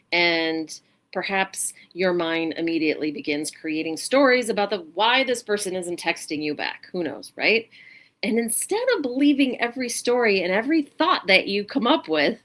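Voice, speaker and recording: A woman hosts a mindfulness show, offering a gentle, unhurried self-help talk with a guided practice delivered in short, reflective phrases. Her voice is mid-range.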